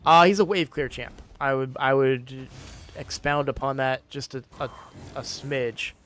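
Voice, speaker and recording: A man's voice: mid-range voice, steady tone, measured pace, fairly bright tone. A man chatting casually on a game live stream, sleepy and yawning, rambling with frequent restarts.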